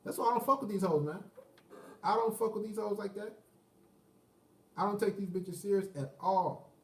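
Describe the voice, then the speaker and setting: Man, high voice, profane casual rant, echoey room, distant mic. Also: normal speed. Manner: crude, profane, acts out quoted dialogue. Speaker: vlogger.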